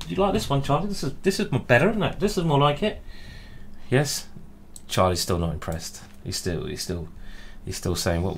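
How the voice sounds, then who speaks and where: A man giving animated, self-mocking running commentary while he plays speed chess online. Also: mid-range voice. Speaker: chess streamer. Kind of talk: thinking aloud while playing speed chess.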